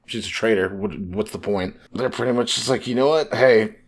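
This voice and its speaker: A man co-hosting a casual podcast, retelling story scenes and quickly paraphrasing the characters' lines. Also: lowish voice. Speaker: podcast co-host.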